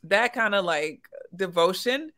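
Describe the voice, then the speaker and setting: A woman hosting a talk show, her voice bright and mid-pitched. She responds emphatically and with warmth, drawing on faith as she reflects. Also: animated, a little slow. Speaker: host. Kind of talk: podcast conversation.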